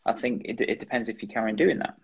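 A man hosting an interview, mostly offering short agreement and quick remarks. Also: on the low side, vocal fry, husky, phone-quality sound. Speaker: podcast host. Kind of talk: casual interview chat.

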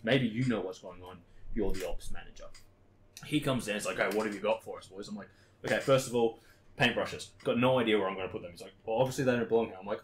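A man with a fairly low voice tells rowdy workplace stories on a podcast, peppering them with swearing and quick voices for the people in them. A faint hiss sits under the recording. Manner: swears a lot, acts out his old workmates in quotes. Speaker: podcast co-host. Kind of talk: casual storytelling chat.

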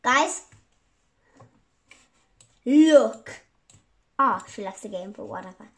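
A young girl chatting through her gameplay, giggly and quick to say sorry. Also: mid-range voice, bright, forceful tone. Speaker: gaming YouTuber. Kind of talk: casual gameplay commentary.

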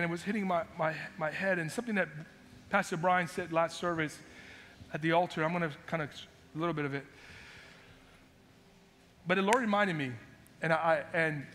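Impassioned high-voiced preaching man. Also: moderate pace, long pauses, slight background noise. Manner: impassioned preaching, swinging from shouts to quiet asides. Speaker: pastor. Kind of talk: sermon. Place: church sanctuary. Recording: long echo of a church hall.

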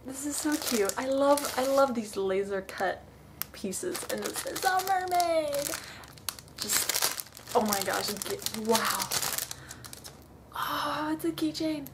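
A young woman with a fairly high voice unboxes items on a vlog, gushing over each one. She gasps and drops into soft whispers when excited. There is a faint hiss of noise under the camera mic. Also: poor audio. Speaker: vlogger.

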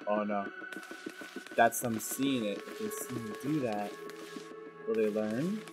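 A man commentating his own gameplay, excitable and muttering to himself as he plays. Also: on the low side, slow pace, over music. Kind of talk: let's play commentary.

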